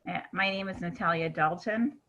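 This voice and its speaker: A woman from Virginia, a guest on a video call interview, speaking haltingly with fillers. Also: lowish voice, pushed and bright, poor audio.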